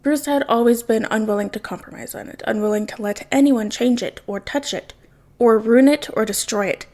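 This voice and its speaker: Woman, story reader, fairly high voice, soft, unhurried narration. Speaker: podfic reader. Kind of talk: reading fan fiction aloud.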